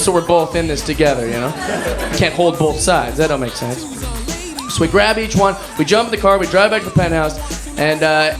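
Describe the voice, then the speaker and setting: Comedian, male, high voice, rambling self-mocking storyteller, music behind. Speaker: stand-up comedian. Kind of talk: stand-up storytelling.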